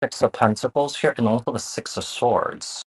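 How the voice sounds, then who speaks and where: A man's voice: medium pitch, normal speed, breathy edge. Chatty man giving a tarot reading. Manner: repeats phrases, many fillers, reassuring. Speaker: tarot reader. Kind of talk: casual tarot reading to viewers.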